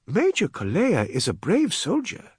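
A man narrating a storybook voices a caring young woman who soothes a frightened child gently but firmly. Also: fairly low pitch, huge pitch swings, measured pace, slightly rough, no echo, studio quality, voice pushed up, full character voice. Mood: soothing.

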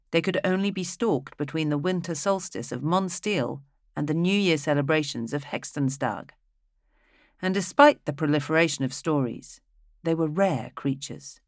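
A narrator reading a fantasy audiobook in a steady, even storytelling manner. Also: mid-range voice, no room sound, studio quality.

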